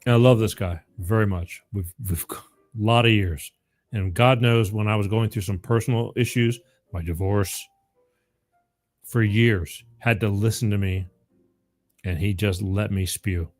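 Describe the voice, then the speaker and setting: A man's voice: lowish voice, steady tone, a little slow, soft background music. A man hosting a live call-in show, talking casually and rambling, often repeating the phone number.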